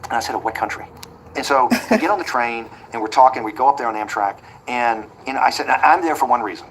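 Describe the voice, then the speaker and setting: Fast-talking man telling a story. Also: mid-range voice, a bit bright, slight background noise, poor audio. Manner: rapid anecdotal delivery that acts out quoted dialogue. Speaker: interview guest. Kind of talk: storytelling in a conversational interview.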